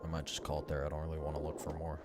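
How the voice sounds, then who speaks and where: A man's voice: rumbling low, monotone, racing, loud music behind the voice. A man streaming a game, giving casual running commentary and talking to his chat. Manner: chatty, self-mumbling, addresses chat.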